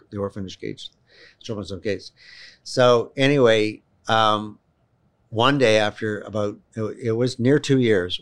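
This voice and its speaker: A man telling a long personal story in conversation, animated and emphatic, often restarting his sentences. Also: fairly low pitch. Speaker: guest, children's home volunteer.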